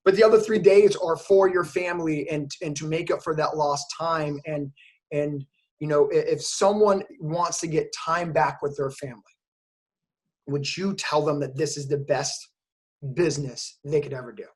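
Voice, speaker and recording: An enthusiastic man hosts an interview in a loose, casual way. He talks openly about his feelings and fills his speech with "like" and "you know." His voice sits fairly high for a man. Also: fairly even intonation, moderate pace. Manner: enthusiastic, emotional, lots of fillers like "like". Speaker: host, course creator.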